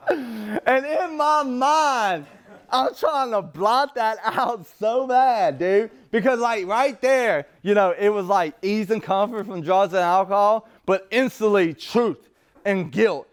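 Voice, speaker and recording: A man's voice: sits high, animated, slow. A man telling his recovery story in a rambling, casual way, full of street slang. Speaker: recovery speaker. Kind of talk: personal recovery talk.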